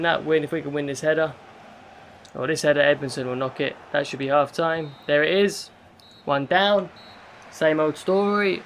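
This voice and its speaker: A young man commentating live over his football video game, frustrated and exasperated, with sudden loud outbursts. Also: on the high side, slight background noise. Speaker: gaming YouTuber.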